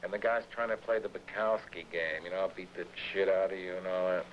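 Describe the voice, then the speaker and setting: A man's voice: deep voice, fairly even intonation, fairly quick, muffled recording, slight background noise. A man telling a rambling, profane story in slangy talk, acting out the voices of the people in it. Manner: gruff, slangy, acts out quoted voices. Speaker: writer being filmed at home.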